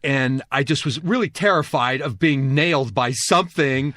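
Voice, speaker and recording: Man, radio garden show host, chatty, mid pitch, dry studio sound. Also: moderate pace, fairly bright tone, dry recording. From New Jersey. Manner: chatty, enthusiastic, talkative. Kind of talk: casual on-air chat.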